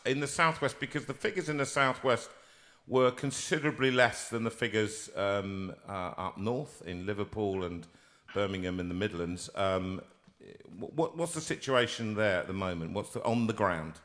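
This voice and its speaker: A middle-aged man hosts a live-streamed chat. His voice is bright and forceful, and he teases his guest playfully and talks with lots of animation. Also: lowish voice, moderate pace. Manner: jovial, teasing, animated. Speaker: host.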